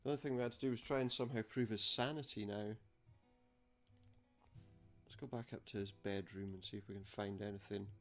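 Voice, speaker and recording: Wry, low-voiced gaming man. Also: fairly even intonation, brisk, long pauses, soft background music. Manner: dry, wry remarks on the game. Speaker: let's play gamer. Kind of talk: casual gameplay commentary.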